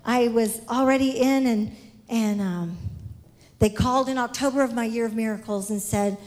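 A woman giving an exuberant missionary testimony in church, shouting praise and laughing often. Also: fairly high pitch, normal speed.

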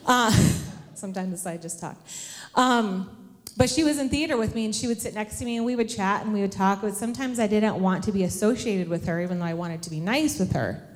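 A woman's voice: mid-range voice, brisk. Chatty woman telling stories in a reverberant hall. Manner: chatty, humorous, self-deprecating, asks the audience questions. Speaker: women's class teacher. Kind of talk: casual storytelling talk to a church class. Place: large hall with an audience. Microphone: handheld microphone.

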